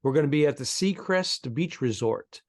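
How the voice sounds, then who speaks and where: Storytelling man, slightly higher voice. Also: moderate pace. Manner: storytelling, swearing, animated. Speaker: podcast co-host. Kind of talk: casual comedic chat.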